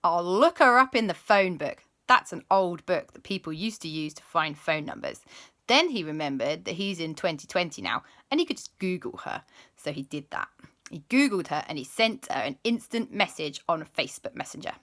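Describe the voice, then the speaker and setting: A woman telling a children's story as host, animated and dropping into spooky whispers. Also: low voice, normal speed.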